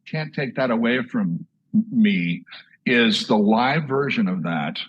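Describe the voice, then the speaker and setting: A man's voice: mid-range voice, slow, slightly rough, lo-fi sound. A man in his sixties from Southwest Iowa, hosting a casual chat and telling stories with frequent word repeats and restarts. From Southwest Iowa, USA. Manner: repeats words and restarts often, lively storyteller. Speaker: host, drummer.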